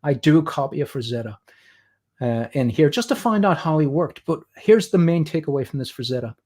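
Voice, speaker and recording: A man's voice: fairly high pitch, animated, a little fast, darkish tone. Chatty Irish man sketching and explaining. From Ireland. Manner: chatty storyteller, explains while drawing. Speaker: guest artist. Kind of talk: drawing demo chat on a livestream.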